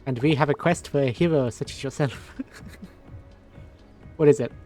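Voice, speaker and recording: A man's voice: medium pitch, measured pace, darkish tone, soft background music, natural voice. A man voicing grand, shady male monster creatures in a vague put-on foreign accent, drawn out and theatrical. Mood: grandiose.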